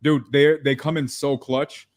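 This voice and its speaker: A man's voice: medium pitch, flat delivery, measured pace. A real estate investor, a man, chatting casually over a video call in an eager, emphatic way. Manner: eager, emphatic, talks to the others as dude and bro. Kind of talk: casual chat.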